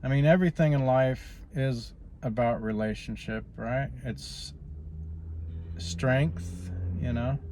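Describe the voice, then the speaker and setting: A man's voice: mid-range voice, darkish tone, a little hiss or hum. A man vlogging in a rambling, casual way, stopping often on "you know" as he drifts from politics to personal life.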